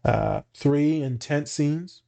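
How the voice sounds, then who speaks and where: A man's voice: a little high, takes it slowly, gravelly, warm tone. A man, a therapist and teacher, chatting casually and bluntly, swearing freely and using dry humor. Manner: candid, profane, dry humor. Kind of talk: casual podcast chat.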